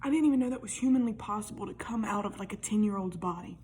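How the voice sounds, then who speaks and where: A woman's voice: mid-range voice, fast, a little mellow, a little hiss or hum. A young woman telling a personal story in a casual, chatty way, full of "like", with whispered asides and free swearing.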